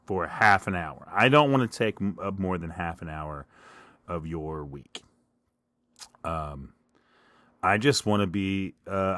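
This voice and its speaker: A man's voice: low-pitched, a bit bright, no room sound, clean studio sound. A middle-aged man hosting a solo podcast, rambling casually in a self-deprecating stream of consciousness. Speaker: podcast host.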